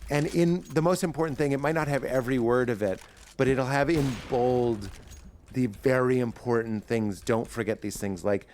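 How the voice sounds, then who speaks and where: Comedian guy on a podcast, goes big and dramatic, acts out little bits in voices, mid pitch. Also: moderate pace, darkish tone, a little hiss or hum. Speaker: stand-up comedian guest. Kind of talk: podcast interview chat.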